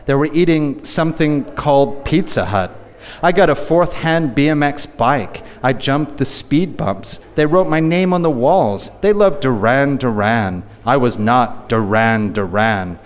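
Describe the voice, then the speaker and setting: Man reading poetry in a reverberant hall. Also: medium pitch. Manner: rhythmic, incantatory, repetitive delivery. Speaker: poet.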